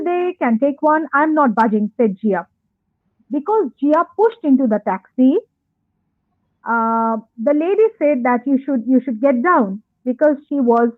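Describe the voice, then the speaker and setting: A woman's voice: high-pitched, no room sound. A woman lecturer giving an academic webinar talk, conversational, with many fillers and repeated phrases. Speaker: college English lecturer. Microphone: online call audio. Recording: tinny phone-like line, dry.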